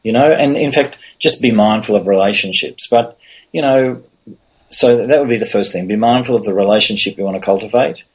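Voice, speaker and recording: Guest, male, low husky voice, earnest and repetitive. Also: a little fast. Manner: earnest, many restarts and "you know". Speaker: podcast guest. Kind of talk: casual interview talk.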